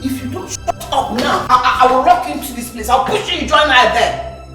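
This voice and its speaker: Scornful Nigerian matriarch, animated and shrill, music bed, roomy far mic. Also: female voice, brisk. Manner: shouting, scornful. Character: cruel scheming mother, sharp-tongued. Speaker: scheming mother.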